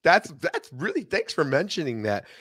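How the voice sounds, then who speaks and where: A middle-aged man from Chicago with a faint Chicago accent, a film critic chatting as a podcast guest in an animated, aside-filled way. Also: on the high side, normal speed, slightly rough, no echo, clean studio sound. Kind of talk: casual podcast conversation.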